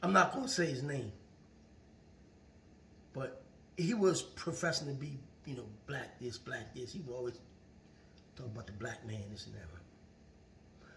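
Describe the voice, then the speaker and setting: A man's voice: medium pitch, measured pace, creaky, pauses often, pushed and bright, slight background noise. A man vlogging a casual motivational monologue, earnest and preachy, often repeating his phrases. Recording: roomy echo, far from the mic.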